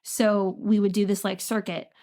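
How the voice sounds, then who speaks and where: Chatty woman with a gravelly edge. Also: medium pitch, flat delivery, normal speed, warm tone. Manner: chatty, laughing, lots of fillers. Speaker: podcast co-host. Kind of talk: casual chat. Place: apartment room.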